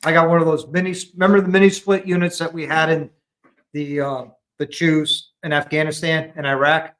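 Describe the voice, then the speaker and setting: A man's voice: a little high, flat delivery, a little fast, fairly bright tone, poor audio. An American man and army veteran talking casually from his garage, earnest and fond of telling stories. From United States. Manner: earnest, storytelling. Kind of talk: casual chat. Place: garage at home.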